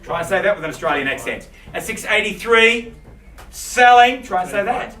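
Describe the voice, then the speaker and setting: Bright, high-voiced auctioneer. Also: male voice, lively intonation. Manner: rapid, playful patter with bidders. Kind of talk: live auction bid calling. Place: auction room. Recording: echoey room from far off.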